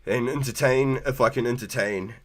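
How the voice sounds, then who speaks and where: A man's voice: medium pitch, moderate pace. A man live-streaming a game, chatting loosely with viewers, laughing often and swearing freely. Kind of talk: casual live gaming stream chat.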